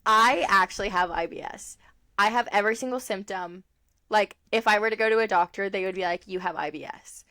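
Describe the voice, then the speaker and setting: A young woman talks through her week as a podcast co-host, her voice sitting at an everyday middle pitch. She rambles, piles on fillers, and laughs often as she goes. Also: a little fast, sharp tone. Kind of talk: casual chat.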